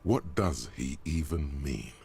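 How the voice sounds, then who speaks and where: An actor playing a grave, dry game narrator who comments with disdain. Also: male voice, very deep voice, expressive, slow pace, creaky, darkish tone, breathy edge, heavily acted. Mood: disdainful. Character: grave older male narrator voice, dry and judgmental.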